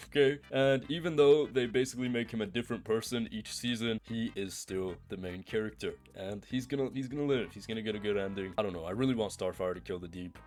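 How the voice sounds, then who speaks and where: Young male commentator, low-pitched, loose and profane, restarts sentences, faint music bed. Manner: rambling, profane, self-interrupting. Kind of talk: casual spoken commentary.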